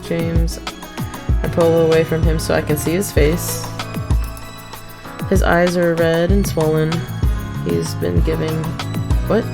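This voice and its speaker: Low gravelly woman streamer reading game text. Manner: reads game text with asides and self-corrections. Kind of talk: reading a visual novel game aloud on stream. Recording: game music behind the voice.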